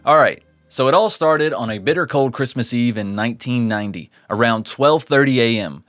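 A man's voice: mid-range voice, lively intonation, a little fast, no room sound, faint music behind. A man hosting a true crime podcast, reading the case and breaking off for joking asides. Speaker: podcast host.

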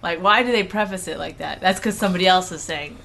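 A woman's voice: fairly low pitch, fast talker, vocal fry, a bit bright, slight background noise. A middle-aged woman co-hosting a podcast, chatting casually, brash and swearing, slipping into mock accents for fun. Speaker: podcast co-host. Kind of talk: casual bickering chat.

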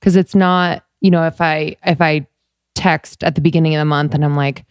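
Confiding woman, lowish dry voice. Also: steady tone, normal speed, smooth, no echo. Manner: open, confiding, laughs easily, many fillers. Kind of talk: casual chat.

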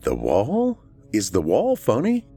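A man's voice: on the low side, big pitch swings, normal speed, darkish tone, faint music behind, voice pushed up. A man voicing a breezy, dismissive older sister. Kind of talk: horror audiobook reading.

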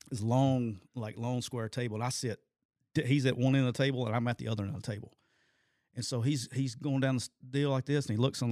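A man's voice: mid-range voice, no room sound, clean studio sound. A middle-aged man and former football coach telling stories in casual sports talk, laughing often and acting out what others said in raised voices. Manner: animated storytelling, quoting people in raised voices, laughs often.

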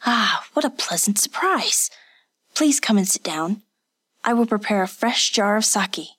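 A woman voicing a nervous, polite male village innkeeper who talks in hushed, anxious tones in an audiobook. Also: medium pitch, lively intonation, measured pace, husky, voice pushed up. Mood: welcoming. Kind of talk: audiobook narration.

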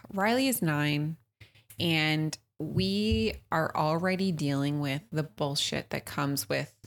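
A woman's voice: sits low, slow pace. A woman in her thirties co-hosting a podcast in casual chat, blunt and laughing often, swearing freely. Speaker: podcast co-host.

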